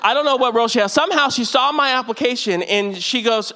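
A man's voice: extremely high pitch, quick pace, pushed and bright. A young man from California giving a sermon as guest preacher, in a conversational, joking way with many fillers.

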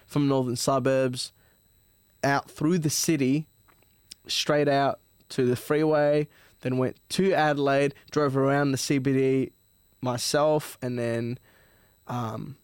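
A man's voice: medium pitch, fairly even intonation, takes it slowly, clean tone, dry recording, clean studio sound. A man, a podcast guest telling a story in a rambling, profane, casual way. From Melbourne, Australia. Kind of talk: casual chat.

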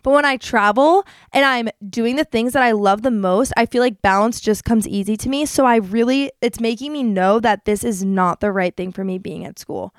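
A woman's voice: fairly high pitch, normal speed, few pauses, dry recording, studio quality. A young woman hosting a podcast, talking candidly and casually about her life, with a chatty manner. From New Jersey. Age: young adult. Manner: chatty, candid, lively with quoted voices. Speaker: podcast host. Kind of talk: casual confessional monologue.

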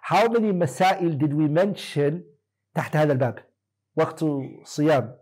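Man, teacher, husky, classroom quizzing, firm. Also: a little high, fast talker, a little mellow, poor audio. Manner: questioning, corrects students firmly. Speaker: Islamic teacher. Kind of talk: classroom lesson quizzing students.

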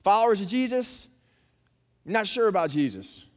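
A man, preaching a sermon and telling family stories with animated impressions. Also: high voice, moderate pace. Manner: animated storytelling, acting out his daughters' voices. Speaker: pastor. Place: church auditorium. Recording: long reverb of a church hall.

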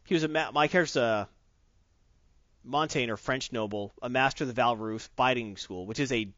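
A man's voice: mid-range voice, brisk, a bit bright, dry recording. Enthusiastic rambling man, dull dry sound. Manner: enthusiastic, rambling with many restarts. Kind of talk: casual chat about tabletop games.

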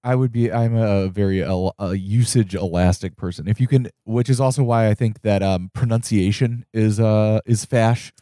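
Man, lowish voice, casual podcast co-host, eager storyteller, dry mic. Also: steady tone, moderate pace, few pauses, warm tone, dry recording. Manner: enthusiastic storyteller, stammering restarts.

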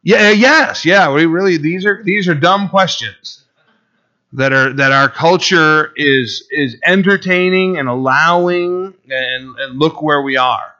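Conversational male preacher, bright lo-fi sound. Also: fairly high pitch, slow. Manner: conversational preaching, acts out voices of Bible figures. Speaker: pastor. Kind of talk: sermon.

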